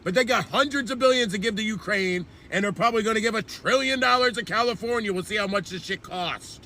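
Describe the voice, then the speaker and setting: Man, very high voice, piercing bright tone, angry ranting host, swearing constantly. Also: fast talker, slight background noise. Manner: profane, heated, ranting. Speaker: online commentary host. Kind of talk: angry political rant.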